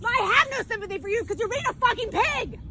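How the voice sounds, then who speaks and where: A woman shouting angrily and swearing at someone while filming herself outdoors in a public park, her voice going sore. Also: extremely high pitch, quick pace. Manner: shouting, angry, profane. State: voice getting sore. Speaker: protester filming a livestream. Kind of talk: heated livestreamed confrontation.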